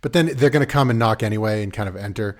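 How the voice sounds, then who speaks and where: A man in his thirties, a podcast co-host chatting casually and rambling, now and then putting on lively voices. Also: lowish voice, rapid-fire. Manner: rambling, does animated voices of his kids. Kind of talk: casual chat.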